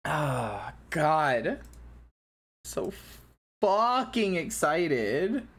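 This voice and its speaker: A woman live-streaming in casual chat, excitable and very animated, swearing and repeating herself as she talks. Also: sits low, extremely slow, pauses often.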